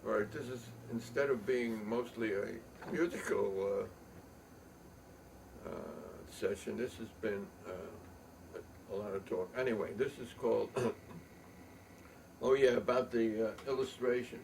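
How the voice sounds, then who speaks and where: Older man, gravelly voice, slow halting storytelling, heard from a distance with faint room noise. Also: fairly low pitch, fairly even intonation, darkish tone. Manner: halting, many ums and restarts. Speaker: poet and storyteller. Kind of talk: rambling spoken reminiscence. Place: home loft.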